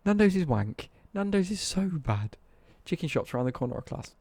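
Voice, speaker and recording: A man's voice: a little high, very animated, normal speed, a little mellow, dry recording. A young British man ranting on a casual live stream, sweary and worked up.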